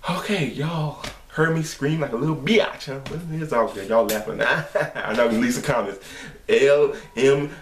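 Brief: male reaction host, loud and profane, mid pitch, sits back from the mic in a roomy space. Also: unhurried, hardly any pauses, far from the mic. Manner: profane, excitable, shouts and laughs at clips. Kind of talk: casual reaction commentary. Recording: echoey room, voice off-mic, faint noise.

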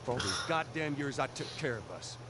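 An actor playing a gruff, bitter middle-aged survivor in a video game, speaking in a worn, hardened way. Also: male voice, medium pitch, animated, fairly quick, close to an everyday voice. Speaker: game character. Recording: game audio under loud noise.

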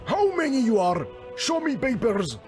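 An actor voicing a suspicious, gruff computer program in a video game, speaking with a Russian accent in a barking manner. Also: male voice, very high voice, big pitch swings, moderate pace. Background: game music.

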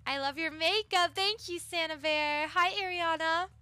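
A woman's voice: very high-pitched, measured pace, pushed and bright, dry recording. A young woman live-streaming a video game, bubbly and chatty, greeting viewers by name and reacting to the game with gasps. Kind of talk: live gaming stream chat.

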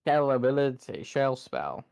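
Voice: mid-range voice, very animated, a little slow, gravelly, darkish tone. A gamer commentating on their own play, swearing often and complaining in frustration. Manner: swears a lot and vents at the game. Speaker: gamer playing through a game. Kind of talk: gameplay commentary.

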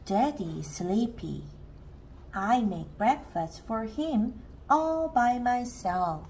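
A woman reads a children's storybook aloud, very slowly and deliberately. Her voice sits fairly high and swings up and down with lots of expression. A faint hiss is heard behind her. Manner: slow, careful, expressive reading. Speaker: storybook reader. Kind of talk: children's book read-aloud.

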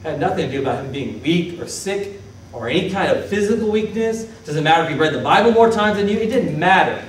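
A man preaching as pastor, lively, questioning his congregation and acting out Bible figures. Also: a little high, fast, a little hiss or hum. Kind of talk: sermon. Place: church sanctuary. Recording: echoey church hall from a distance.

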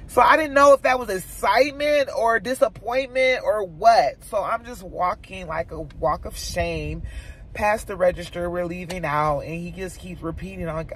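A woman mom vlogger chatting casually to her viewers, telling a personal story in an animated, chatty way. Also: on the low side, moderate pace, slight background noise.

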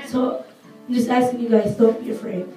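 A teenage girl with a husky voice, earnestly and casually urging a church to give offerings and reading scripture aloud. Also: a little high, flat delivery, fairly quick. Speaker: church member exhorting for offerings. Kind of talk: church exhortation. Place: church hall. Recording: echoey hall, mic far off, soft guitar behind.

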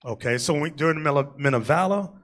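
Male bishop preaching, high bright voice with a very lively pitch, shouts during jokes. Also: quick pace. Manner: animated, joking storytelling with shouted asides. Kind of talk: sermon.

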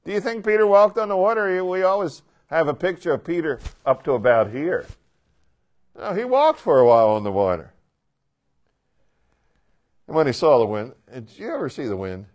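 Animated man teaching a Bible class. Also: on the high side, moderate pace, long pauses. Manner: animated, asks the class questions, acts out quotes.

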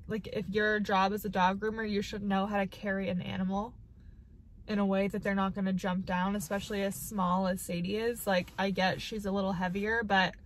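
A woman's voice: mid-range voice, slight background noise. A woman vlogging from her parked car, tearful and upset, rambling with lots of "like" fillers as she talks to the camera. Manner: rambling, heavy use of "like" fillers. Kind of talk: casual vlog talk to camera.

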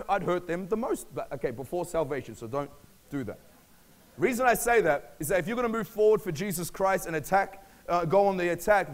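A young man with an Australian accent preaches a lively sermon, telling stories in a casual, conversational way. His voice sits high for a man, and he talks with plenty of energy.

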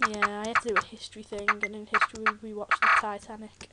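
Speaking fast with hardly any pauses, a British teenage girl comments on her video game for a Let's Play in a medium-pitched voice with little pitch movement. She's chatty and jokey, full of rambling asides, while loud keyboard typing and clicks sound in the background.

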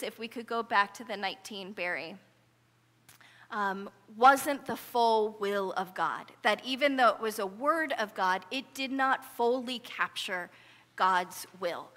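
A woman's voice: fairly high pitch, a bit bright. Woman preaching in a reverberant church. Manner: earnest, conversational preaching with rising intensity in quotes. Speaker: pastor. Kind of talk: sermon. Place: church sanctuary. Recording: long church hall reverb.

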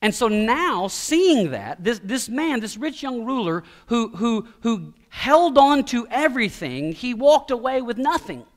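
Male pastor, middle-aged, high voice, chatty sermon delivery with stammered restarts. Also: big pitch swings, measured pace, few pauses. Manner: conversational preaching with stammered restarts and quoted voices.

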